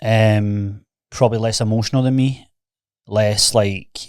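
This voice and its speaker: A man's voice: fairly low pitch, fairly even intonation, measured pace, a little mellow, smooth, no room sound, clean studio sound. A young Scottish man, a fitness coach and podcast guest, telling candid stories in a casual chat and peppering them with "mate".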